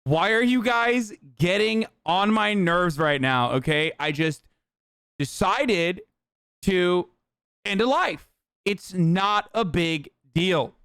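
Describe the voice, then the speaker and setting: A man's voice: high-pitched, takes it slowly, a bit bright, clear, resonant tone, no echo. A man in his thirties streaming a reaction, cursing and riffing sarcastically with mock impressions. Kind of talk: casual reaction commentary.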